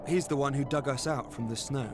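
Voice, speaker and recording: A man's voice: mid-range voice, brisk, natural voice. A man voicing a blunt, cheeky bandit sidekick in a game playthrough. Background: game music.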